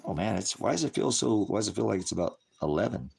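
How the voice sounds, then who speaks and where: A man's voice: on the low side, animated, fast, vocal fry, darkish tone, a little hiss or hum. A man hosting a casual livestream, rambling in a conspiratorial way, laughing often and answering viewers in chat. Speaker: livestream host.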